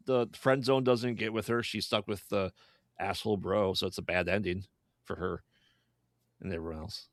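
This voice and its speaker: A man's voice: sits low, steady tone, normal speed, vocal fry, no room sound, clean studio sound. A man co-hosting a podcast, chatting casually about a movie, laid-back and laughing often. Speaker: podcast co-host. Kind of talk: casual movie review chat.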